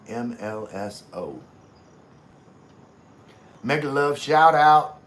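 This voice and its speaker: A man's voice: mid-range voice, animated, takes it slowly, pauses often, a bit bright. A middle-aged man from Louisiana with a Southern accent, hosting a casual livestream, chatting with viewers in a laid-back, drawling way and greeting them by name. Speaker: livestream host. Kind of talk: casual live chat reading comments.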